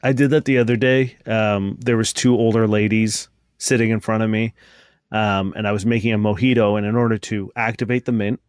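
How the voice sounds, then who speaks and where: A man's voice: fairly low pitch, fairly even intonation, brisk, clear, resonant tone, no echo, clean studio sound. A man co-hosting a comedy podcast, joking in casual chat and laughing through his own lines. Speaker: podcast co-host.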